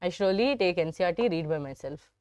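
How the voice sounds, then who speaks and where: A woman's voice: fairly low pitch, lively intonation, fast talker, a little mellow, no room sound. A young woman with an Indian English accent teaching a live biology class, chatty and teasing, often turning to her students. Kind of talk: live online biology lesson.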